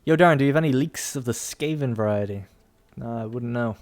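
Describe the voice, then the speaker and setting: Casual gameplay commentary comes from a young man streaming a strategy game, who rambles and laughs a lot. He has a darkish, mid-range voice and talks a little fast, with faint music in the background.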